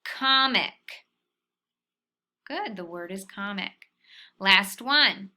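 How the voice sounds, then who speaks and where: Woman, phonics teacher for little kids, unhurried, bright clear tone. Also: mid-range voice, animated. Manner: slow, patient, sounding out syllables. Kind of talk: phonics lesson for young children.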